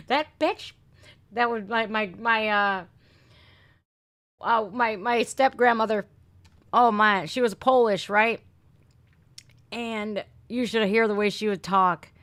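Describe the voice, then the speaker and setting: This livestream host, a middle-aged woman from Northeast Ohio, speaks slowly with frequent pauses in a slightly high, somewhat bright voice, and the audio has no echo. She chats casually with viewers and reads their comments. Talkative and loose, she swears freely and says "man" and "dude" a lot.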